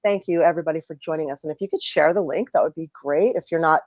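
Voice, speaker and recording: A woman's voice: low voice, quick pace, a little mellow, no echo. A woman hosting a streamed talk show from a video call. She reads out viewer names and teases her guest with laughing questions. Her voice comes through dry and slightly muffled. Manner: teasing, laughing interviewer. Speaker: host. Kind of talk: casual chat. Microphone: remote video call.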